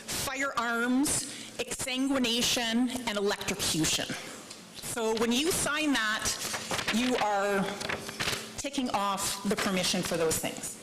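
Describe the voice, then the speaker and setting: Slow, measured woman in an echoey chamber. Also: a little high. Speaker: veterinarian presenting to council. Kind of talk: formal presentation at a council meeting. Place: council chamber. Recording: echoey chamber with clear background noise.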